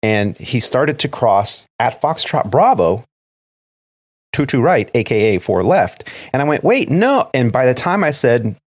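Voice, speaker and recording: A man's voice: mid-range voice, animated, a little slow, no echo, studio quality. A man, an airline first officer, telling a story from work in a casual podcast chat, acting out the radio calls as he goes. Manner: recounts events step by step, acting out quoted radio calls.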